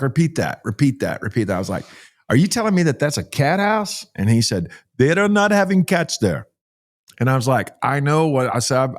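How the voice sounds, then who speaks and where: A middle-aged man from Texas, a pastor telling stories in a folksy, animated way during an interview. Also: medium pitch. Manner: folksy, animated storyteller with frequent restarts. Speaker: pastor and child rescuer. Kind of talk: interview storytelling.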